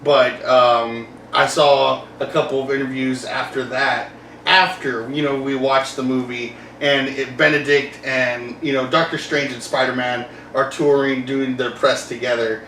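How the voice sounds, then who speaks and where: A man hosting a casual podcast chat, rambling and animated, laughing often and acting out quotes. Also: medium pitch, measured pace, a little hiss or hum. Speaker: podcast host. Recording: roomy, distant mic with faint ambience.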